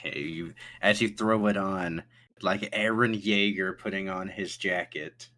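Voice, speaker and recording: A man running a tabletop game as game master, narrating in a relaxed way and laughing often. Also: sits low, unhurried.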